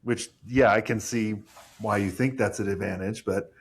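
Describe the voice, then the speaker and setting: A man with a husky, slightly raspy voice, chatting casually on a podcast. He talks bluntly and with emphasis, tossing in the odd swear word. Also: fairly low pitch, steady tone, moderate pace. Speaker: agency owner.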